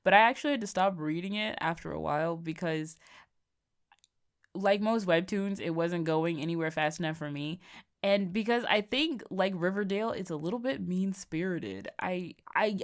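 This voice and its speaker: A woman's voice: fairly low pitch, moderate pace. A woman hosting a podcast, chatting casually and joking as she reviews comics, often breaking into laughter. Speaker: podcast host.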